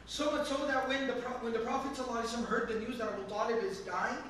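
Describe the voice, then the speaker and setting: A man with a very high, bright voice teaches a Quran commentary lesson, pressing each point with earnest emphasis. He is recorded by a camera from some distance in a large mosque hall, so his voice rings with heavy echo. A faint hum of the room sits underneath. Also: steady tone, rapid-fire. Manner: earnest, emphatic explaining with Arabic recitation. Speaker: Islamic teacher.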